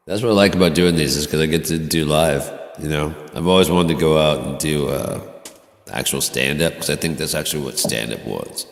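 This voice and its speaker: A man with an extremely deep, gravelly voice who rambles casually through a livestream. His talk is jokey and profane, and his pitch swings widely. It is recorded in an echoey room with a long reverb tail. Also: brisk. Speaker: streamer.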